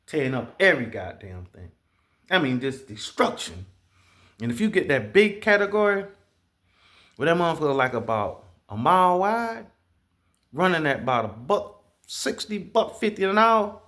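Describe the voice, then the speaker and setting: Brief: a man with a slightly high voice, telling stories straight to camera, loose, profane and animated. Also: normal speed. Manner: profane, animated, with sound effects. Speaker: vlogger. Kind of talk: casual storytelling monologue.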